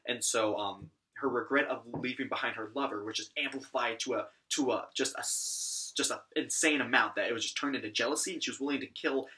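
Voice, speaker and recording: A young man talks through an anime episode in a loose, rambling way, full of fillers. His voice is bright and a bit forward. He sits somewhat back from the microphone. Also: mid-range voice, brisk, hardly any pauses, far from the mic. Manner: rambling, animated, many fillers. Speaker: anime reviewer. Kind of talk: casual episode recap.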